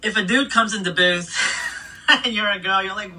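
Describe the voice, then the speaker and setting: A middle-aged woman DJ telling stories in a casual interview, animated, swearing freely and laughing between anecdotes. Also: medium pitch, brisk, husky. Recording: voice a bit distant from the mic.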